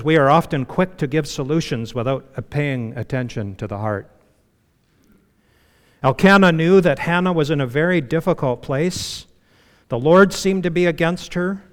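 A man preaching a sermon in a relaxed, conversational way, full of "you know"s and dropping to a hushed voice to stress a point. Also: fairly high pitch, long reverb tail. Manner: conversational preaching with frequent you-knows, dropping to a hush for emphasis. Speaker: pastor.

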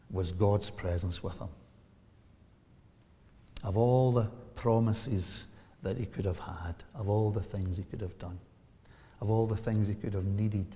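Older man preaching in a reverberant hall. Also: on the low side. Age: 70s. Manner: animated, rising to loud emphatic peaks, rhetorical questions. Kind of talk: sermon.

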